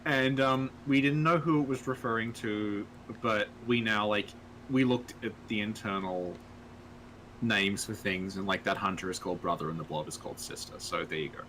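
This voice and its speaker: A man's voice: on the low side, steady tone, moderate pace, pushed and bright, a little hiss or hum, poor audio. A man co-hosting a game stream, chatting casually and explaining plainly. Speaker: streamer co-host. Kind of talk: casual chat while playing a game.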